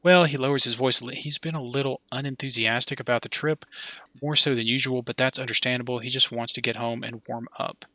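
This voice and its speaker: A man voicing a grumpy, evasive middle-aged man with a dismissive, hurried way of talking. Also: medium pitch, fairly even intonation, sharp tone, no echo, close to an everyday voice.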